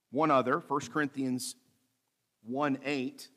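A male pastor delivering a sermon, reading scripture slowly and adding light asides with a bit of humor. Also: medium pitch, lively intonation, fairly bright tone. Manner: preaching with light humor, slows to read scripture aloud.

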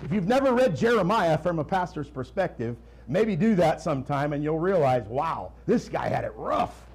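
Male pastor, sermon, high tenor voice, slow emphatic lines, quick quiet asides. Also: big pitch swings, slightly rough, rough recording.

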